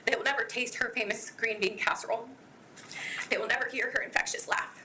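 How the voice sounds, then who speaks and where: Woman reading her statement to the court, earnest, clear bright tone, faint hiss. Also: on the high side, steady tone, brisk, poor audio. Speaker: victim's sister giving impact statement.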